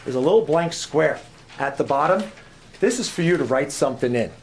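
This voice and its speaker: A man's voice: fairly high pitch, animated, fairly quick, slight background noise. A man giving an informal sermon as a guest preacher in a church, chatty and joking, often repeating his phrases.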